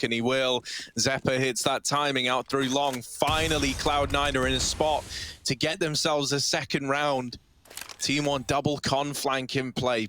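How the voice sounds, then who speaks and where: A man breaking down live esports play in a chatty, analytical way. His pitch sits mid-range. There is a faint hiss in the background. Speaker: esports caster. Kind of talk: live color commentary.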